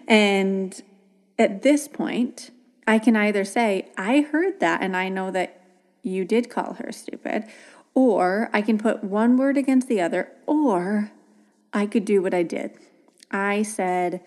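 A woman hosting a podcast, telling a story about a child in a casual, gentle way. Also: medium pitch, unhurried. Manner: warm storytelling with gentle quoted dialogue. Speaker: podcast host.

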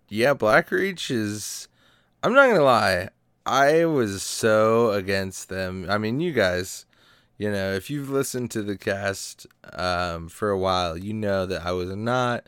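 A man's voice: lowish voice, a bit bright, clean tone, no room sound, clean studio sound. A man co-hosting a casual gaming podcast, upbeat and joking as he chats and reads a sponsor spot. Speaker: podcast co-host.

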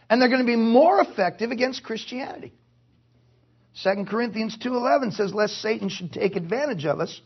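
A male pastor preaching a sermon at a conference, forceful and punctuated with joking asides. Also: extremely high pitch, breathy edge, dull audio. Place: conference hall.

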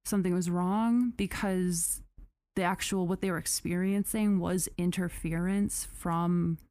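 A woman co-hosting a podcast, telling a story in casual chat who swears freely and climbs sharply in pitch when she gets outraged. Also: fairly even intonation, unhurried, darkish tone, no echo. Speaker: podcast co-host.

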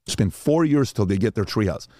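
A man's voice: on the low side, expressive, fairly quick, dark tone, dry recording, clean studio sound. A man, a father, telling stories as a podcast guest and acting out the voices of the people in them. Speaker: father of young sons. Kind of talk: animated storytelling.

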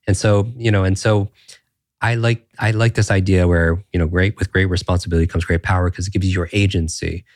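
A man guest on a podcast interview, telling personal stories in an earnest, animated way, with frequent restarts and rhetorical "right?" checks. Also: deep voice, brisk, no room sound, studio quality. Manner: animated, earnest, many restarts and tag questions. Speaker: podcast guest, brain coach. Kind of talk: conversational interview storytelling.

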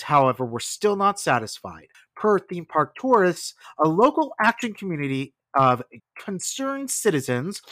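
A man's voice: fairly high pitch, no echo. A man hosting a podcast, narrating history casually with wry asides. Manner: animated storytelling with asides and laughs. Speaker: podcast host.

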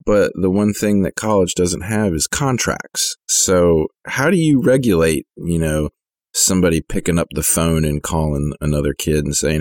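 A man's voice: low-pitched, big pitch swings, moderate pace, a little mellow, no room sound, studio quality. A man co-hosting a casual sports podcast, asking rhetorical questions and swearing freely. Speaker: podcast co-host.

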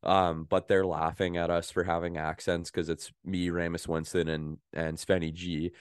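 A man's voice: low voice, little pitch movement, moderate pace, clean tone, no room sound, studio quality. A Canadian man with a Canadian accent, co-hosting a podcast in casual chat, telling stories with animation, laughing easily and swearing. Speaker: podcast co-host.

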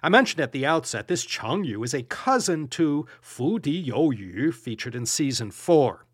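Sex: man. Role: podcast host. Style: playful storytelling narration. Pitch: slightly high, very lively. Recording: dry studio sound. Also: moderate pace, husky, no echo.

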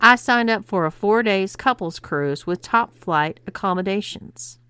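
A woman's voice: medium pitch, animated, measured pace, a bit bright, clean tone, no room sound. A woman voicing a brash, cocky adult husband who blusters indignantly.

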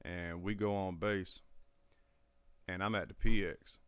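A man's voice: low-pitched, steady tone, a little slow, clear, resonant tone, no echo. A young man casually telling profane army stories and acting out his old drill sergeants. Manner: profane storytelling, acts out drill sergeants loudly. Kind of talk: casual chat.

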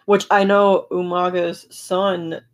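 Casting: lower-pitched woman, easygoing podcast co-host, hesitant and agreeable. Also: level tone, slow. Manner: agreeable, hesitant, lots of yeahs. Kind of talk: casual chat.

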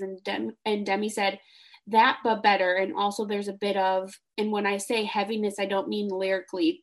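Young woman cohosting a fan podcast, excitable, laughs a lot, chatty. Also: medium pitch. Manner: animated, gushing, laughs often. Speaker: podcast co-host. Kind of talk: casual fan podcast chat.

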